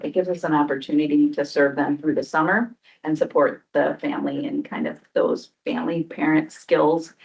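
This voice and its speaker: A woman's voice: deep voice, creaky, darkish tone. A woman presenting program results at a public board meeting, explaining steadily with frequent "um" fillers. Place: meeting room. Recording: dull lo-fi meeting recording.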